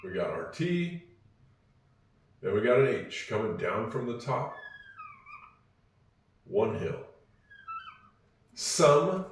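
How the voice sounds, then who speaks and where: Slow, patient male English teacher. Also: medium pitch, big pitch swings, roomy sound, slight background noise. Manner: slow, patient, repeats phrases for learners. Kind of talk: spoken English lesson.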